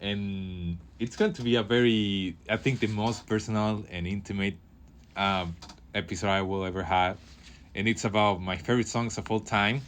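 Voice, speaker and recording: Rambling low-voiced male radio host. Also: steady tone, fairly bright tone, a little hiss or hum. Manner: rambling, halting, many fillers and restarts. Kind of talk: casual solo radio talk. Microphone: studio microphone.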